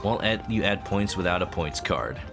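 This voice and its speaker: A man with a deep, animated voice streams a video game at normal speed, rambling casually to his chat and humming along as he plays. Video game music runs in the background.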